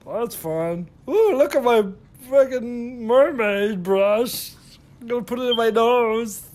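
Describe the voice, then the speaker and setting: A man's voice: very high-pitched, takes it slowly, darkish tone, a little hiss or hum. A man voicing a goofy, boastful woman beauty vlogger in a comic makeup-tutorial voice-over, with gasping exclamations and mild swearing. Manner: humming filler syllables while working. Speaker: husband narrating his wife's makeup tutorial.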